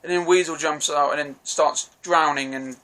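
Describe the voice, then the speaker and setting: A man's voice: fairly high pitch, fairly even intonation, moderate pace, sharp tone. A man giving a casual, rambling film review, swearing freely and restarting his sentences.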